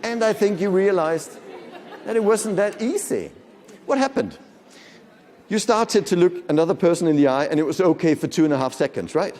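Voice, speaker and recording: Lively male lecturer in a reverberant hall. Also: sits high, moderate pace, some chatter behind. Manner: lively, demonstrates voices, asks the audience questions. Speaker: conference speaker. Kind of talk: lecture to an audience. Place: conference hall.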